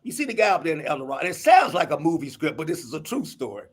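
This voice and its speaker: A middle-aged man, a doctor, telling emphatic stories in a lively, husky voice. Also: fairly high pitch, racing. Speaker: guest doctor. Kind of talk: animated storytelling.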